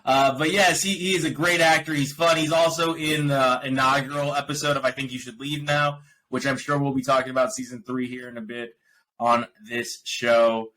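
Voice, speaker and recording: On his podcast, a man rants with animation about movies and shows he has seen, keeping it casual and laughing a lot. His voice sits in the mid-range at a moderate pace, and the recording is low quality.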